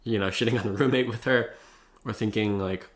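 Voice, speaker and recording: Young man, casual vlog talk, swearing often, fillers everywhere, lowish voice. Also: fairly even intonation, a little fast. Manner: loose and profane, heavy on fillers like "like" and "bro". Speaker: vlogger. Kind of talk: casual talking-head advice.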